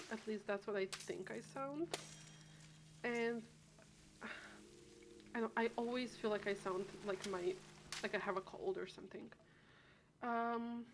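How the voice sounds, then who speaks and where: A woman streamer talks to her chat while she plays, rambling from thought to thought and often restarting her sentences. Her pitch sits in an ordinary middle range. A steady wash of noise hangs behind her voice. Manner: rambling, chatty, thinks aloud with many restarts. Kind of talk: casual gameplay chat.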